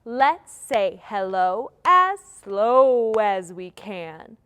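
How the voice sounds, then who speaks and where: A woman's voice: mid-range voice, sing-song, drawn-out words, fairly bright tone, clear, resonant tone. A young woman leading a live children's story time, talking in a singsong, encouraging way to young children.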